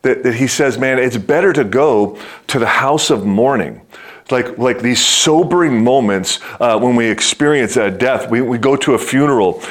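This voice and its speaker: A middle-aged man preaching a sermon, telling a story with many fillers and restarts, dropping low and slow on serious words. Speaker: pastor.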